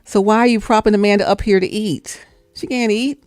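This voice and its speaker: Woman host spinning a story, chatty, bit of vocal fry. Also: on the low side, quick pace, no echo, clean studio sound. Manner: chatty and animated, breaks into laughter. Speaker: livestream host. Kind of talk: casual storytelling.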